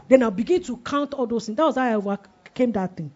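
A woman's voice: a little high, animated, quick pace, darkish tone. A woman in her forties preaching a sermon, asking the congregation questions and letting them answer, with emphatic delivery. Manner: call-and-response questioning, emphatic. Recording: dull lo-fi recording.

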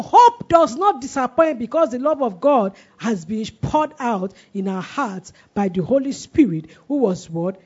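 In this dull lo-fi recording, a forties-aged woman preaches with a husky, darkish, fairly high voice that is very animated. She's unhurried yet barely pauses, posing emphatic questions to the congregation and letting them answer back.

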